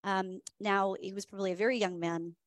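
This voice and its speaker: A woman's voice: medium pitch, fairly even intonation, brisk, no echo. A woman hosting a whiskey tasting, telling the story in a chatty, enthusiastic way with many fillers. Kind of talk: casual storytelling presentation.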